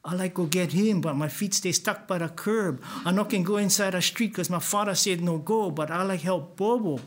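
A man's voice: high-pitched, moderate pace. A man telling a first-person story in Hawaiian Pidgin with a plain, earnest delivery.

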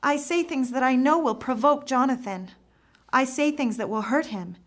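A woman narrating a first-person story, her reading earnest and reflective. Her phrasing is expressive and follows the inner thoughts of the teller. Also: high-pitched, moderate pace.

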